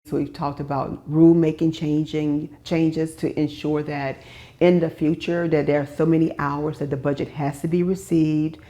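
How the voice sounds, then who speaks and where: A woman's voice: low-pitched, level tone, moderate pace, mellow. A woman with an American accent, answering an interview in a hesitant, thoughtful way.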